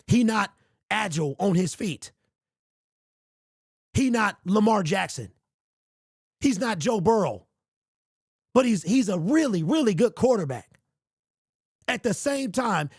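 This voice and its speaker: Heated and exasperated, a male sports podcast host with a high, husky voice keeps repeating himself on his livestream show, sounding strained. It's a dry, studio-quality recording.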